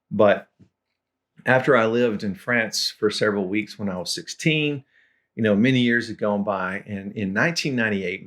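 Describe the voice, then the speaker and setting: A middle-aged man, a language tutor, telling funny stories from his learning in a relaxed, chuckling way and clearing his throat now and then. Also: lowish voice. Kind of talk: anecdotal lesson storytelling.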